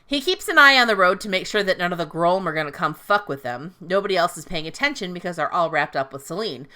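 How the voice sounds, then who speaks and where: A woman hosts a podcast, retelling a fantasy book in a loose, profane, joking way. Her voice sits a little low but moves a lot, with a bright, forceful edge. She slips into quick paraphrased lines for the characters. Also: expressive. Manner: swearing, playful, paraphrases characters in quotes. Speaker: podcast host recapping a book. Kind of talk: casual recap storytelling.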